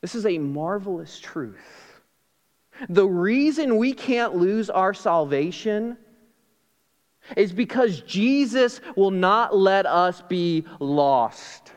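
Male pastor, high voice, emphatic sermon delivery, reverberant church hall. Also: animated, takes it slowly. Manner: emphatic preaching with rhetorical questions and acted-out dialogue.

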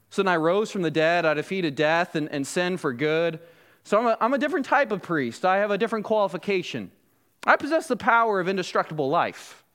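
A man's voice: sits high, fairly bright tone. Brief: unbothered, nonchalant risen priest, as a man puts him on, easy and matter-of-fact. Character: calm man who rose from the dead.

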